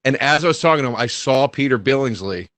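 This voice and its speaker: A comedian telling a rambling, self-deprecating story in casual chat over a video call. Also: male voice, medium pitch, animated, fast talker, fairly bright tone, no room sound. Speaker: comedian guest.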